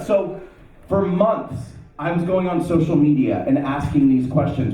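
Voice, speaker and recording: A man with a fairly high, mellow voice tells a personal story to an audience and acts out his own past thoughts with animated flair. He is heard from a distance in a very echoey hall. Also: moderate pace. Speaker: speaker at an event.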